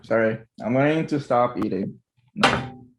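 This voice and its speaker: A man with a gravelly, fry-heavy voice hosts a relaxed podcast over a video call. He talks in a loose, hesitant way, trailing off and tripping over words as he goes. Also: mid-range voice, a little slow, very noisy. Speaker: podcast host. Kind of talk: casual chat.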